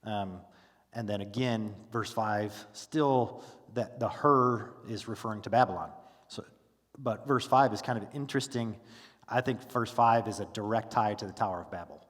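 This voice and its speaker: A man teaching a Bible study class in a relaxed, conversational way, full of fillers and restarts, who stops to ask his class questions. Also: fairly low pitch, normal speed, long reverb tail. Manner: casual, with frequent fillers and restarts. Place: church classroom.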